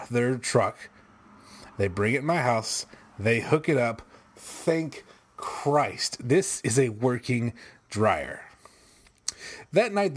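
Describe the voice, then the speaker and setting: An exasperated man spins a casual, wry story at a middle pitch. He swears now and then and laughs at his own bad luck. He jumps higher whenever he acts out a quoted phone call. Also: breathy edge.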